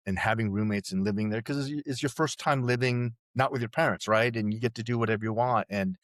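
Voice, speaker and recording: A male podcast guest in his sixties, with a fast, mid-range voice, tells stories in casual chat. Recorded dry on a close mic with no room sound, he's rambling and salty, with profanity, many restarts, and lots of "you know"s.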